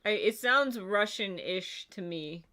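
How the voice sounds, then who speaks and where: A woman's voice: medium pitch, expressive, takes it slowly, sharp tone. A woman co-hosting a casual livestream chat, rambling and chatty with lots of filler words. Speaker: livestream co-host.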